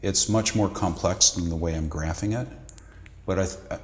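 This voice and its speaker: A middle-aged man, a psychiatrist, giving measured, lecturing answers in an interview. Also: deep voice, roomy sound. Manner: measured, lecturing, with occasional restarts. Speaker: psychiatrist guest.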